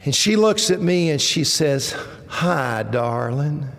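A man in his fifties preaching a sermon, earnest and measured, his voice swelling at points of emphasis. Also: high voice, fairly bright tone, slight background noise. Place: church sanctuary. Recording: long reverb of a church hall.

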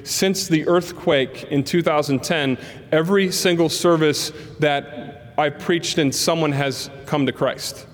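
Pastor preaching in an echoing hall. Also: male voice, on the high side, unhurried. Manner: animated storyteller acting out dialogue. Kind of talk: sermon storytelling. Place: church. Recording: long reverb of a large hall.

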